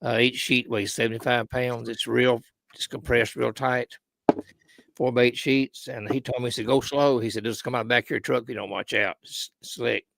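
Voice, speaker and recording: A man's voice: mid-range voice, little pitch movement, moderate pace, vocal fry, a bit bright. A man with a Southern US accent, co-hosting and telling easygoing folksy stories in casual chat. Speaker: returning co-host.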